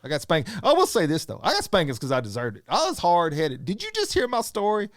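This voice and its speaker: A man's voice: a little high, quick pace, dry recording, clean studio sound. A middle-aged man, hosting a casual chat and telling stories in a playful way. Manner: playful storyteller, animated. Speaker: podcast host, coach.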